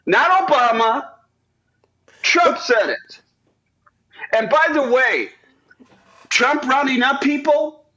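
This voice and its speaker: Bright-voiced guy calling in, insistent, kinda muffled lo-fi line. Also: extremely high pitch. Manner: insistent, repeats words. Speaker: caller. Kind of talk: heated political argument.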